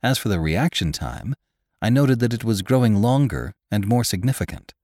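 A man narrating a classic story in a measured, expressive reading. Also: lowish voice, no room sound, clean studio sound. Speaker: podcast narrator.

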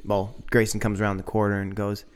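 A man's voice: on the low side, monotone, a little fast, clean tone. A man co-hosting a podcast, chatting casually and telling family stories with frequent laughter. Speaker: podcast co-host. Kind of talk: casual chat.

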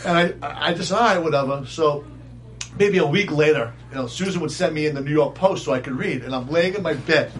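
A man telling stories in a casual chat, animated and laughing through them. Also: on the high side, fairly quick, slight background noise. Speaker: guest storyteller. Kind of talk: casual storytelling.

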